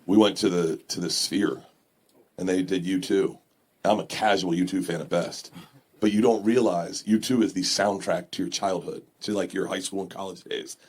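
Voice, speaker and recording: A man in his fifties, a guest comedian telling stories on a podcast with lots of laughter, in an animated way. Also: low voice, moderate pace, slightly rough. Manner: animated storyteller, laughs often. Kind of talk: casual comedy podcast chat. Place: radio studio.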